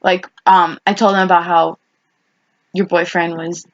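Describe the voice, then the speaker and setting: A woman's voice: on the low side, flat delivery, measured pace. A young woman co-hosting a podcast, chatting casually with her best friend in long, rambling stories full of fillers. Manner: rambling, filler-heavy storytelling. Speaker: podcast co-host. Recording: dull lo-fi podcast recording.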